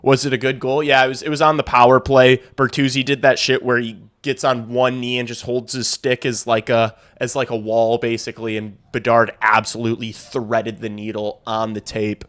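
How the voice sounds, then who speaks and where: A man's voice: mid-range voice, little pitch movement, moderate pace, hardly any pauses, a bit bright. A young man hosting a hockey watch-along stream, calling the play casually, swearing freely and talking to his chat. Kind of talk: casual live play-by-play reaction.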